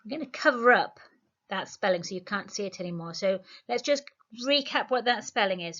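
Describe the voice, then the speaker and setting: A woman, teaching a spelling lesson to young children, slowly sounding words out syllable by syllable. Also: medium pitch, animated, a bit bright, dull audio. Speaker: primary school teacher.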